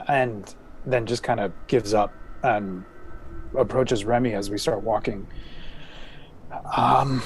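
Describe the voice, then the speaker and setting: A man's voice: lowish voice, fairly even intonation, slow pace, slight background noise. A man playing a tabletop horror game, speaking in character in a hesitant, stammering way with many restarts. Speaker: player. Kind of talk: in-character roleplay.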